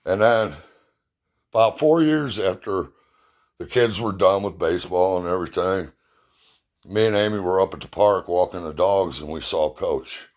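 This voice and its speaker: Blunt, profane middle-aged man, low voice. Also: moderate pace, a little mellow. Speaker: youth baseball parent and assistant coach. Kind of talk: casual personal storytelling.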